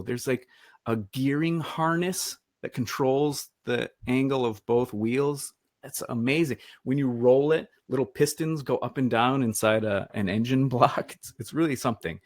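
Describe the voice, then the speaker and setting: A man's voice: medium pitch, no room sound. A man from Michigan giving a casual online presentation, chatty and self-deprecating with rambling asides, over a computer microphone. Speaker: webinar presenter.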